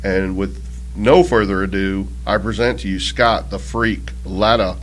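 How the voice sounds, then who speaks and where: A man's voice: low voice, steady tone, unhurried, soft background music. A man hosting a sports talk show, introducing segments in a playful, theatrical way. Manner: jokey, theatrical. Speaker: show host.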